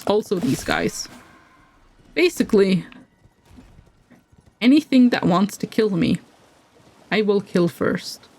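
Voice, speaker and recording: A woman's voice: medium pitch, lively intonation, takes it slowly, pauses often, a little mellow. A woman streaming a video game, chatting casually and self-deprecatingly as she plays and laughing often. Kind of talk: casual gameplay commentary.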